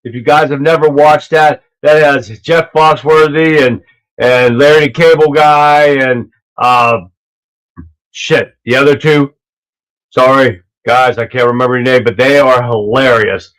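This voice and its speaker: Loud, rambling livestream host, man. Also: mid-range voice, steady tone, measured pace, poor audio. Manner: loud, rambling, laughs at his own clips. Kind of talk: casual livestream commentary. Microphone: earpiece mic.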